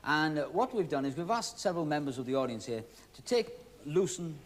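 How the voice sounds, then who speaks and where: A male magician with a high-leaning, sing-song voice and a slightly fast pace hosts a television show in the 1970s. He teases and jokes with audience volunteers while explaining a trick, the studio audience audible behind him.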